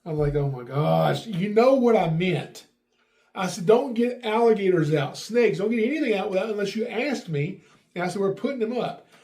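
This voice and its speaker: A middle-aged man hosting a podcast, telling a family story in a lively way and acting out what people said. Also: sits high, normal speed. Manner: animated, acts out quotes with raised voice. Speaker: podcast host. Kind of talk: casual storytelling.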